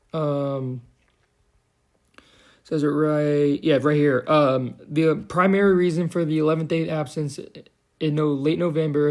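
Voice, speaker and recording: A man's voice: fairly high pitch, darkish tone. A young man giving a heated, profane, sarcastic commentary rant as a vlogger. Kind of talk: ranting commentary.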